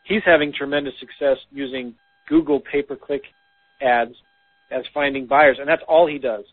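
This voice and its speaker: A man's voice: mid-range voice, fairly even intonation, normal speed. A man co-hosting a casual business talk, giving practical advice with frequent "um" fillers, heard over a phone line. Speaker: podcast co-host.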